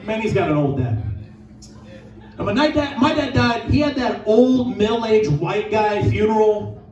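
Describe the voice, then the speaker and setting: A man doing a crude stand-up set in a bar lounge, riffing fast and shouting his punchlines. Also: sits high, lively intonation, echoey room, distant mic, highs cut off. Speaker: stand-up comedian.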